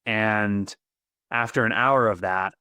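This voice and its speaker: A man as a podcast guest, telling a personal story in an earnest, vivid and excitable way, often repeating words. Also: lowish voice, slow pace, clear, resonant tone, dry recording, clean studio sound.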